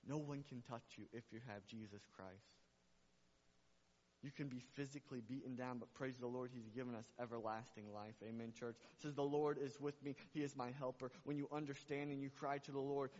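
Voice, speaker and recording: A man preaching a sermon in a large church hall, his voice ringing with a long reverb. The sound is dull and muffled. He climbs to loud, emphatic peaks, then drops soft and low, repeating his questions back to the congregation. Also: flat delivery, fairly quick. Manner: repetitive call-and-response preaching. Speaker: pastor.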